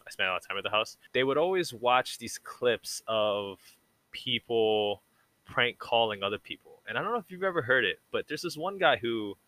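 A man's voice: fairly low pitch, bright, forceful tone, dry recording. A young man talking as a podcast guest, rambling and reflective and saying "like" a lot. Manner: rambling and reflective, heavy use of "like". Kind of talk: casual conversation.

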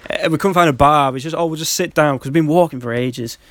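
A man's voice: a little high, fast talker, fairly bright tone, no room sound. A man chatting casually on a podcast, telling travel stories and laughing often. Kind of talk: casual chat, anecdote telling.

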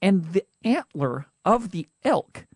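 A young man with a Utah accent, co-hosting a podcast in a casual, joking way with quick asides. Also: sits high, very animated, husky, no room sound, studio quality. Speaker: podcast co-host.

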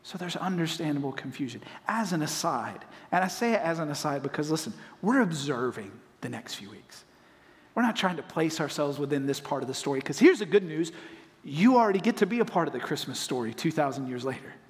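A man from North Carolina, preaching a sermon as pastor and acting out voices in animated storytelling. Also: on the high side, fairly quick. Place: church auditorium. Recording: long reverb of a large hall.

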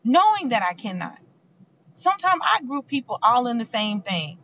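A woman's voice: fairly high pitch, very animated, moderate pace, pushed and bright, slight background noise. Earnest woman with a lo-fi sound. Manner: heartfelt, preachy, conversational. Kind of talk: motivational faith talk. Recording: dull lo-fi sound.

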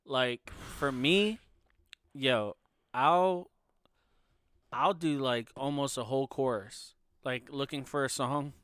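A man's voice: medium pitch, slow pace, long pauses, fairly bright tone, clean tone, dry recording, clean studio sound. Easygoing podcast co-host man. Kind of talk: casual chat.

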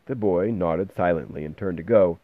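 Guy reading a story out loud, lowish voice, dry kinda muffled sound. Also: normal speed, no echo. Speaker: narrator. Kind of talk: scripted narration.

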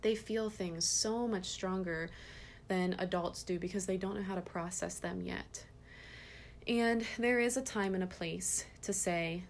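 A woman in her thirties hosting a parenting podcast, telling a story about her kids in an earnest, gentle way. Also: on the low side, a little slow, slight background noise. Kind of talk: casual parenting podcast talk.

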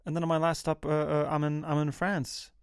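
A man hosting an improvised comedy sketch in a slightly high voice, stumbling and repeating himself in flustered stammers. He often breaks into giggles as he plays along. The recording is dry and close. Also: monotone, fairly quick, smooth, no room sound. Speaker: host of a comedy bit.

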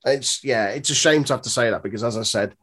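Male co-host, even mid-range voice, easygoing and agreeable in conversation. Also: medium pitch, quick pace. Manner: agreeable, chatty, uses mate. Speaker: podcast co-host. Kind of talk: casual wrestling review chat.

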